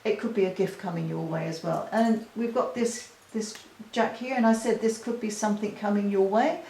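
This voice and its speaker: A woman's voice: mid-range voice, normal speed, gravelly, mellow, reverberant, a little hiss or hum, rough recording. A woman doing a chatty, reassuring tarot reading, talking straight to the viewer from her dining room. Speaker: tarot card reader. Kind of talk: casual spoken card reading.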